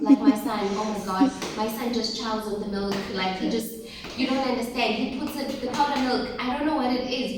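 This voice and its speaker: A high-pitched woman gives a lively motivational talk to a group of teens, firing questions at them and pushing them to answer. She is picked up from across a very echoey room, with faint noise underneath. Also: recorded from a distance. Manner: animated, asks the audience questions and calls for replies. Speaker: workshop speaker for teen girls.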